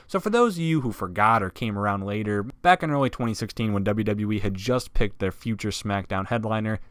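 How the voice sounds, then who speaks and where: A slightly low-voiced man narrates a wrestling countdown in a sarcastic, profane style that keeps leaping into loud emphasis. His voice is recorded close and dry, with no room sound around it. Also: no room sound. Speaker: wrestling list video host. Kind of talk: scripted commentary narration.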